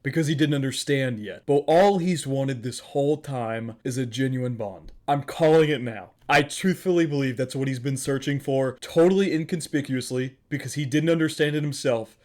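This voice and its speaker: A man's voice: medium pitch, normal speed, few pauses, a little mellow. A man giving casual, emotional anime reaction commentary, gushing and repeating himself.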